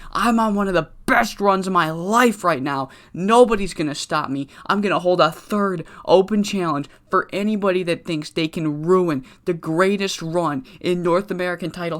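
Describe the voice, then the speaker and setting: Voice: mid-range voice, moderate pace, few pauses, a bit bright, voice pushed up, lightly acted. A person voicing a cocky male wrestling champion who boasts and issues challenges. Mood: boastful.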